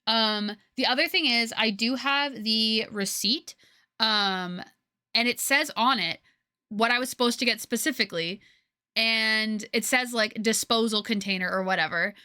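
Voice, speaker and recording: A woman's voice: on the high side, unhurried, sharp tone, smooth, no echo, clean studio sound. A young woman from Canada, a streamer chatting casually with viewers, rambling with lots of fillers and restarts, on a headset mic.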